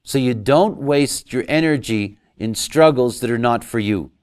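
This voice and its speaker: A man giving a lecture, talking in an animated way and acting out quoted voices. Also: mid-range voice, unhurried. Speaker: lecturer on human design.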